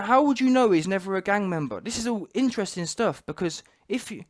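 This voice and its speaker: A man's voice: sits high, very animated, a little fast. A man hosting a commentary channel, talking emphatically and repeating rhetorical questions.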